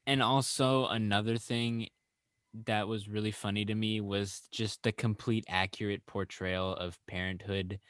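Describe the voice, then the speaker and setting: A young man chatting casually about a movie, relaxed with dry asides. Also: on the low side, unhurried, smooth, no echo. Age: young adult. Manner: relaxed, dry asides, jumps into loud impressions. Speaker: podcast co-host.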